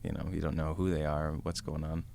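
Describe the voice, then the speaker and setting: Brief: male podcast guest, deep voice, rambling anecdotal storyteller. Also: flat delivery, fairly quick, gravelly, a little mellow. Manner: rambling, lots of fillers and acted quotes. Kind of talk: casual storytelling.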